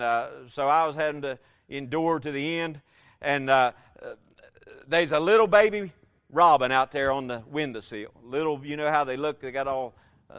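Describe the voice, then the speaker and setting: A man preaching a sermon, repeating key phrases and building from quiet passages to loud, emphatic ones. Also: fairly high pitch, clear, resonant tone.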